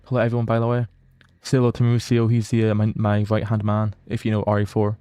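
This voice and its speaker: A man's voice: on the low side, completely flat delivery, fast, hardly any pauses, warm tone, clean tone, no room sound. A Scottish man chatting casually with viewers while streaming a game, reading out their comments and often restarting his sentences. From Scotland. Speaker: livestreamer. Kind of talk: casual live gameplay chat.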